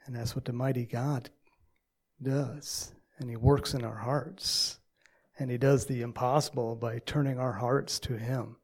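A male pastor delivering a sermon at a mid-range pitch, with a gravelly, creaky texture. He tells the story in a halting way and stops often to collect his thoughts. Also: steady tone. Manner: halting, many uh fillers, storytelling.

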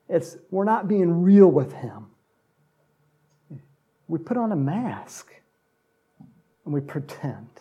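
A man's voice: fairly high pitch, creaky, dark tone, slightly rough. A man preaching a conversational sermon as a pastor, acting out Bible characters in little voices.

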